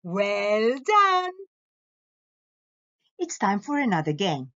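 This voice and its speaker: Lively, slow-paced phonics teacher woman. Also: no echo, lo-fi sound. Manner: slow, clear sounding-out with lively up-and-down pitch. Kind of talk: phonics lesson for young children.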